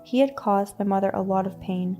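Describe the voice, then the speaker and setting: Woman narrator, scripted story, dark mellow tone, slight fry, faint music behind. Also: medium pitch, a little fast.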